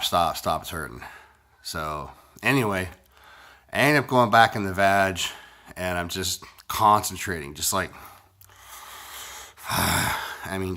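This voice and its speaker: Low-voiced sick man telling a crude story. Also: pushed and bright. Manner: rambling, profane, blunt. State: sick, congested voice. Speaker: vlogger.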